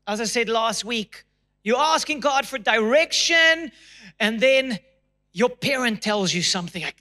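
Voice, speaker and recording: A man's voice: very high voice, expressive, measured pace, pushed and bright. A man preaching a sermon to his church congregation, emphatic, and acting out people's prayers in a raised, pleading voice. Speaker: pastor. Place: church auditorium.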